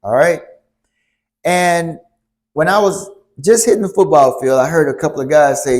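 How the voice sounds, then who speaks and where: A man telling a story to a church youth group, animated, stopping to ask the audience questions. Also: a little high, normal speed, pauses often. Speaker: youth speaker.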